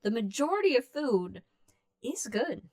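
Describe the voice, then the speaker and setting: A woman's voice: on the high side, big pitch swings, a little slow, darkish tone. A woman from California co-hosting a podcast, joking bluntly in casual chat. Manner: blunt, wisecracking. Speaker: podcast co-host.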